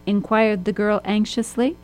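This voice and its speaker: Woman narrator for a children's storybook, steady and expressive. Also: medium pitch, measured pace, rough recording.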